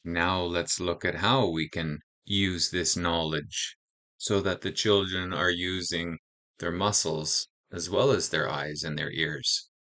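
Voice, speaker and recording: A man narrating instructional guidance for teaching, speaking in a calm, explanatory way. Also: deep voice. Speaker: teacher trainer.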